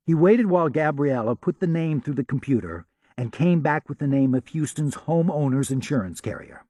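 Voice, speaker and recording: A man reading a novel aloud as an audiobook narrator, steady and expressive. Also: medium pitch, normal speed, no room sound, studio quality. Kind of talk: scripted narration.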